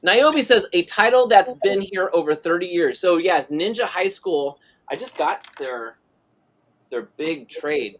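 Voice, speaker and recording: A man's voice: high-pitched, lively intonation, a little slow. A middle-aged man hosting a live drawing stream, chatting casually and reading out viewer messages. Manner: rambling, reads chat messages aloud. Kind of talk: casual chat while drawing.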